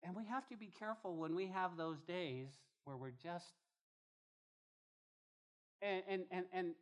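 A man preaching a sermon as pastor, emphatic and animated, often repeating phrases as he drives a point home. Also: high-pitched, unhurried. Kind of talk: expository sermon.

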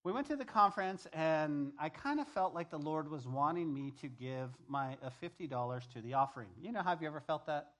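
Animated middle-aged male pastor preaching. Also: a little high, fairly quick, hardly any pauses. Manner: conversational, animated preaching with repeated phrases. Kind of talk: sermon.

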